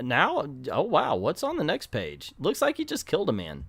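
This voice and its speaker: A man's voice: on the high side, wildly swooping pitch, normal speed, hardly any pauses, fairly bright tone, no room sound, clean studio sound. A man reading an old comic aloud, breaking off for wry, sarcastic commentary. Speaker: comic reader and reviewer.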